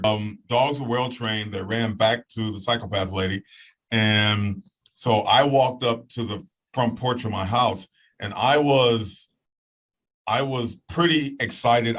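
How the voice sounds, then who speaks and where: Speaking in a mid-range voice over poor audio, this man shares a personal story as a guest. He's animated, mimicking voices and sounds, and keeps checking in with "okay?"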